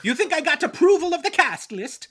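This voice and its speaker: A man's voice: very high voice, big pitch swings, fairly quick, crowd noise. A man voicing a cheery cartoonish Italian plumber in an exaggerated put-on Italian accent, whooping his catchphrases. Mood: defensive.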